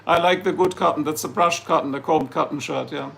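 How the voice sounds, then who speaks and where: A man from Germany with a German accent runs a casual livestream, answering his viewers' comments in a rambling, jokey manner. His slightly high voice is brisk, gravelly, and a bit bright, with slight background noise in the recording.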